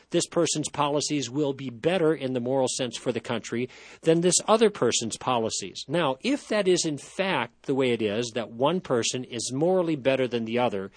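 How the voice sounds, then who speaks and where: Husky-voiced male radio host. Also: medium pitch, no room sound. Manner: thoughtful, explanatory, with frequent restarts. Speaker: radio talk show host. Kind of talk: call-in radio talk.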